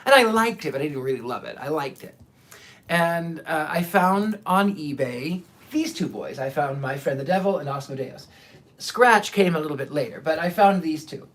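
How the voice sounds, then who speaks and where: A man, a psychic, telling stories in a casual, animated monologue, often repeating himself and acting out the people he quotes. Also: on the high side, normal speed. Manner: animated, repeats words, acts out quoted voices.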